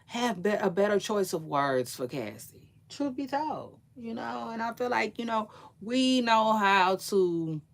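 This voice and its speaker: A woman's voice: mid-range voice, lively intonation, a little slow, creaky. A woman giving casual celebrity gossip commentary, chatty and slangy, rambling with frequent asides.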